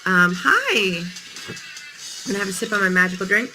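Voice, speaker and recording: A woman's voice: mid-range voice, big pitch swings, normal speed, music in the background, rough recording. A woman in her thirties hosting a casual morning live stream, chatting playfully with viewers while her voice sounds tired.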